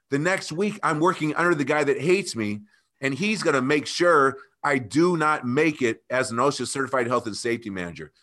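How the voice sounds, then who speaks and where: A man guest telling an emotional personal story, earnest and animated, often calling the host by name. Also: a little high. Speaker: podcast guest.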